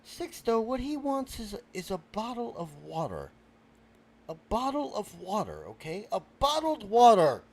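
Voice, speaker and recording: A man voicing an exasperated male bystander who tries to explain things and calm a quarrel, in a comedic character sketch. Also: high voice, measured pace, gravelly, a little hiss or hum, exaggerated voice. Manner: explaining, placating.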